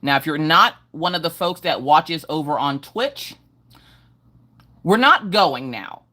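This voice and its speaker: A woman's voice: low voice, animated, takes it slowly, pushed and bright. A middle-aged woman hosting a casual livestream from home, greeting viewers by name in a sing-song way. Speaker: livestream host.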